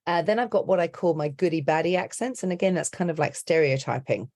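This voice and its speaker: Talking fast in a fairly low, darkish voice, this middle-aged accent and dialect coach rambles through a podcast interview about how she works. She's chatty and keeps saying "you know, like."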